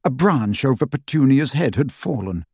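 A man reading a story aloud as an audiobook narrator, in a measured, expressive way. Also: medium pitch, husky, no room sound, studio quality. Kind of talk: scripted narration.

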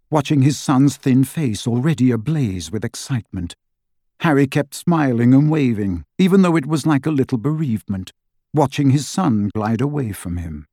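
Measured male audiobook narrator. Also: medium pitch, no room sound, clean studio sound. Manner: measured, expressive storytelling. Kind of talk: scripted narration. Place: recording studio. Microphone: close studio mic.

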